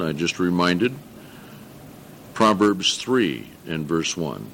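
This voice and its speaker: An older man preaching a sermon to a congregation, earnest, slowing down to stress scripture and correcting himself as he goes. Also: low-pitched, very animated, vocal fry, a bit bright, slight background noise. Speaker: pastor.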